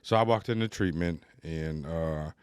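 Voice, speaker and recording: A man's voice: very deep voice, a little slow, clear, resonant tone, dry recording, clean studio sound. A man hosting a recovery podcast, telling his own story in a candid, loose and chatty way. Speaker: podcast host. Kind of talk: casual recovery podcast conversation.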